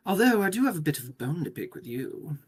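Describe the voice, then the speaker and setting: A woman's voice: sits low, very animated, fast talker, darkish tone, slightly rough, pitched above the performer's own voice, heavily acted. A game master voicing a gracious ancient dragon lady. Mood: reproachful. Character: poised ancient female dragon in human form.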